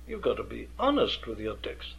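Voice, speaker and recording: A man's voice: medium pitch, huge pitch swings, normal speed, gravelly, fairly bright tone. A man, an experienced preacher lecturing earnestly on how to preach, with emphatic rhetorical questions. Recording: dull lo-fi archive recording.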